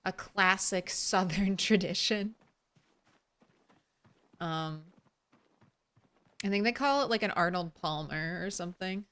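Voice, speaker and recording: Bright bubbly young woman streamer. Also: lowish voice, takes it slowly, long pauses. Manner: bubbly, greets chat, giggly. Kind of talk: casual live-stream chat.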